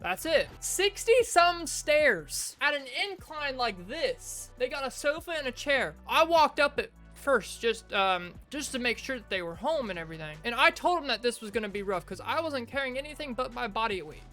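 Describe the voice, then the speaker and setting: Woman, fairly high and bright, casual rambling storyteller over gameplay, desk mic. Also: sing-song, normal speed, few pauses, faint music behind. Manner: rambling, chatty anecdotes with restarts. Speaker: gaming video creator.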